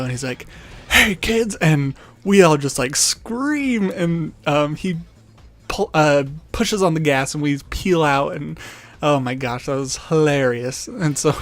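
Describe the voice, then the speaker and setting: A young man, a channel host, telling a casual story with lots of ums and restarts. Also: mid-range voice. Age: young adult. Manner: rambling, many ums and restarts.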